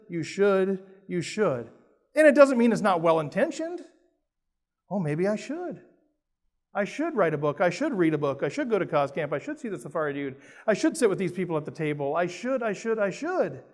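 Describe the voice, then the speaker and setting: A middle-aged man from Minnesota with a Minnesotan accent, giving a lively, playful motivational talk to a conference audience and asking them questions. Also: sits high. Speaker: keynote speaker. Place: large conference hall with an audience. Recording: roomy hall reverb.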